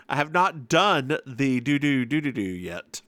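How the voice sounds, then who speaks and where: Lively man recapping a TV episode. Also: mid-range voice, slow, no room sound. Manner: animated storytelling. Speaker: podcast host.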